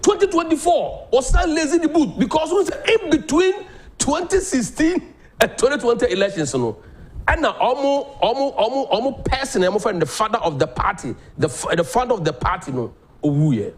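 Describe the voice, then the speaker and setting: A Ghanaian man hosting a political talk show, delivering animated commentary that mixes Twi and English. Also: very high voice, moderate pace. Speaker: host.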